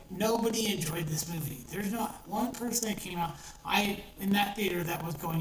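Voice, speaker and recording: A woman's voice: medium pitch, brisk. Lady ranting about a movie she hated, swears a lot, kinda far from the mic in an echoey room w/ faint hiss. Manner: blunt, swears often, exasperated ranting with restarts. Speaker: movie reviewer. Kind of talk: ranting casual film review.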